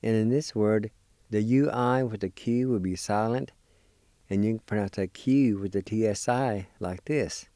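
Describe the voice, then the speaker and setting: A man's voice: on the low side, measured pace, dark tone, no room sound, studio quality. A man hosting a radio language lesson, carefully spelling and pronouncing words for his listeners and encouraging them. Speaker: language teacher and show host.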